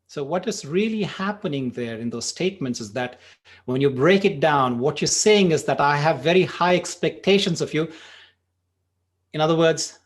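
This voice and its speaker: A man's voice: fairly high pitch, expressive, normal speed. A man teaching a meditation workshop, talking conversationally and telling stories, often saying "you know". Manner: conversational, frequent "you know", spurts of speed. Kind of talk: workshop talk with storytelling.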